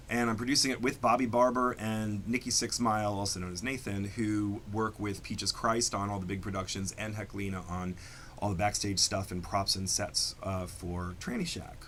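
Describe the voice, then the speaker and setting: Guy drag queen gushing about his show, kinda low voice, a little hiss behind. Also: level tone, normal speed, a bit bright. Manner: enthusiastic, campy. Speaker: drag performer and producer. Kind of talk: casual interview chat.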